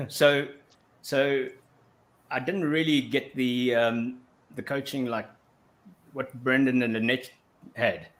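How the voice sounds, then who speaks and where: Guy chatting as a guest, rambly with lots of restarts, mid pitched. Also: fairly even intonation, slow pace, long pauses. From South Africa. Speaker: guest actor. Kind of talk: casual interview chat.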